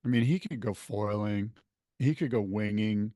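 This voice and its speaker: Animated man on a dry close mic. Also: on the low side, normal speed, no room sound. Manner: animated storyteller, laughs mid-sentence. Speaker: podcast co-host. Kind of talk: casual chat.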